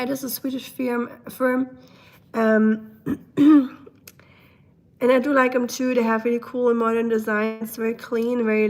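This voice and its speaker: A young woman hosts a live stream, chatting loosely and reading comments while being silly and laughing frequently. She keeps clearing her throat because it's full of mucus. Her voice sits fairly high and sounds a little mellow.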